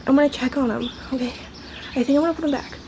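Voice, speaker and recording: A woman's voice: high-pitched, fairly even intonation, very fast, a little mellow, a little hiss or hum. A woman vlogging outdoors on a handheld phone, flustered and shaky, breathing heavily and slipping in and out of whispers. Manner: flustered, repeats herself, drops into whispers. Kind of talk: casual vlog filmed on the spot. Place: outdoors by a tree below an apartment. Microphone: handheld camera phone.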